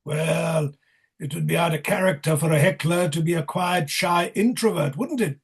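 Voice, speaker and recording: An actor reading the part of a wry, mocking male clown in a play rehearsal. His voice is gravelly and husky, and he teases and directs the king. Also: on the high side, normal speed. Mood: musing. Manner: teasing, directive, sardonic.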